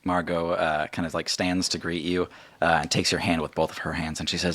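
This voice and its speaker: A man's voice: sits low, level tone, a little fast, a bit bright, no echo, clean studio sound. A man narrating as game master in a casual, filler-heavy way.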